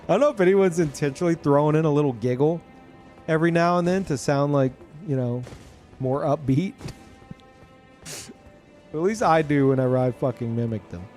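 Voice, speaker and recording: A man's voice: a little high, normal speed, pauses often, soft background music. Profane ranting young male streamer. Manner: profane, animated, lots of fillers. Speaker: video game streamer. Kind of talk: casual live-stream rant while gaming.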